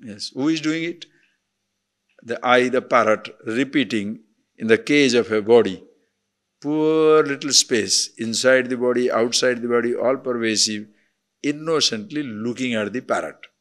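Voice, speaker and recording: Speaking in a mid-range voice, a male teacher gives a spiritual discourse, asking rhetorical questions as his tone moves from forceful to gentle.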